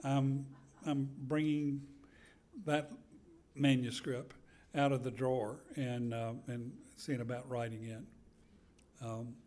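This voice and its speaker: An older man, an author, talking slowly and telling stories with pauses at a live book event. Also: mid-range voice, little pitch movement. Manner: unhurried, storytelling with pauses and soft chuckles. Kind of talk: conversational book talk. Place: event hall with an audience.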